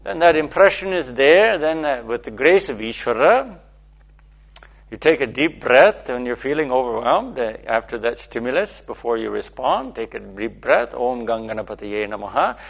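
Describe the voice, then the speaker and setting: A man with a gravelly, husky voice gives a playful spiritual talk. He repeats himself and keeps checking in with his listeners as he teaches. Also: medium pitch, expressive, normal speed. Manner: playful, repetitive, asks okay often.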